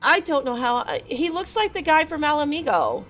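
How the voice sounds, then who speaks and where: A woman's voice: high voice, big pitch swings, moderate pace, a bit bright, soft background music. A woman chatting casually while streaming a game, chatty and easily amused. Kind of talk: casual gameplay chat.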